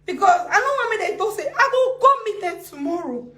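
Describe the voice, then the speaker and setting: Agitated Nigerian woman ranting live, very high voice, wildly swooping, echoey room. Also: sing-song, a little fast. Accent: Nigerian Pidgin. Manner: agitated, swings between laughing, crying and shouting. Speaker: live video speaker. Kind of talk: emotional live-video rant.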